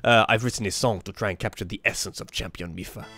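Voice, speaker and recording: A man's voice: bright, forceful tone, no room sound, faint music behind. A man putting on a French-accented bird bard. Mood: courtly. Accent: French, put on. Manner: slow, lowered, formal recital. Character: courtly male bird bard, wandering musician.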